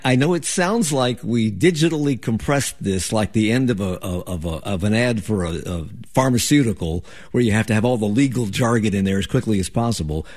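A man's voice: medium pitch, a little mellow. A man interviewing a guest in a casual radio chat, curious and stammering on restarts.

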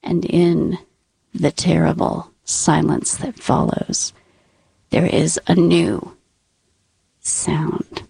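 A woman telling a personal story to an audience, dramatic and dropping into hushed whispers for suspense. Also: deep voice, extremely slow, vocal fry, pauses often, slightly rough, no room sound.

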